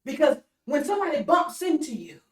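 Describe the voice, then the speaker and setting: A woman's voice: sits high, very animated, fairly quick. A woman preaching an online sermon, repeating phrases in a call-and-response rhythm with stammered restarts. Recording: echoey room, voice from far off mic.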